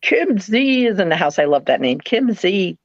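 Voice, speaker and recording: A middle-aged woman with a New England accent, telling rambling stories in a casual live chat. Her voice swings up and down in pitch as she slips into little put-on voices. The sound is dry and a bit dull, like a lo-fi stream. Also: moderate pace, no echo. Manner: rambling, animated storytelling with playful put-on voices. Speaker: live sale host, former nurse.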